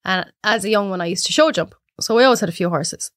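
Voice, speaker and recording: An Irish woman in her thirties tells stories in a casual chat, swinging her pitch widely as she mimics the people in them. Her voice sits at a middle pitch and sounds close and dry, with no room around it. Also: fast talker, dry recording. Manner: animated storyteller acting out clients in high voices. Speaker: podcast guest.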